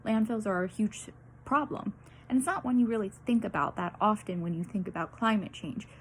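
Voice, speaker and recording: Young female student presenter, nervous, breathy, filler-heavy, faint background hiss. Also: mid-range voice, a little fast. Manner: nervous, many fillers and laughs, apologetic. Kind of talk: peer-teaching presentation.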